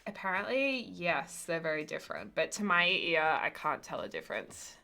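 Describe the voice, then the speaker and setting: A woman's voice: low voice, sing-song, normal speed, gravelly, pushed and bright, soft background music. A woman hosting a live game stream, chatting casually and laughing often. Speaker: streamer host. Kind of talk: casual live-stream chat while gaming.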